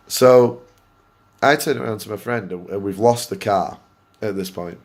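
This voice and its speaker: Low-voiced Manchester-accented man telling a story. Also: moderate pace. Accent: Greater Manchester English. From Oldham, England. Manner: animated, swears freely, laughs at himself. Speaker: gaming channel host. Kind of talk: casual storytelling vlog.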